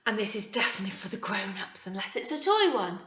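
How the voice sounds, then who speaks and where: A woman teacher with a British accent leading a young children's phonics lesson, modelling words slowly and encouragingly. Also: medium pitch, sing-song, fairly bright tone. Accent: British English. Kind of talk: early years phonics lesson. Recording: echoey room, dull lo-fi sound.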